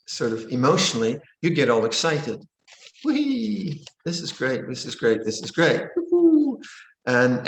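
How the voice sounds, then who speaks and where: A man teaching as a monastic during a question-and-answer session on meditation. He talks gently and playfully and acts out moods with sudden high exclamations. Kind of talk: Dharma Q&A teaching. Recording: roomy echo.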